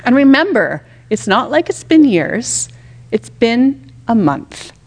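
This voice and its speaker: A middle-aged woman giving a conversational Bible teaching, animated and full of rhetorical questions, sometimes acting out quotes with drama. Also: on the high side, slow.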